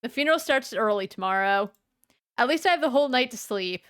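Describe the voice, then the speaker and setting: A woman reading game dialogue aloud as a weary bus traveler, in a plain, measured voice. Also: a little high, lively intonation, a bit bright, clear, resonant tone. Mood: tired.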